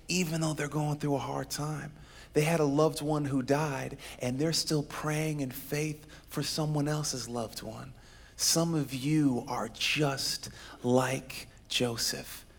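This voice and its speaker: A male pastor preaching a sermon, telling a story with a dramatic delivery that moves between loud and hushed. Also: medium pitch, vocal fry.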